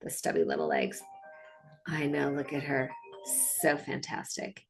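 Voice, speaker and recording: A woman's voice: rumbling low, very animated, a little slow, gravelly, faint music behind. Chatty upbeat woman dog trainer. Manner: chatty and upbeat, with many fillers and asides. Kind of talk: casual narration over video clips.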